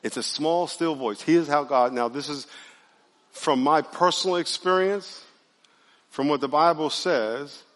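A man preaching a sermon as pastor, conversational and animated, calling on his congregation to answer and raise their hands. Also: a little high, unhurried, big-room sound. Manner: conversational, animated preaching with audience call-and-response. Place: church sanctuary.

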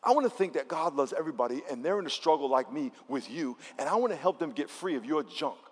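Pastor, male, preaching at a church service with emphatic, conversational delivery, a touch higher pitched, heard in a hall with a long echo. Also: animated, quick pace, husky. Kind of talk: sermon.

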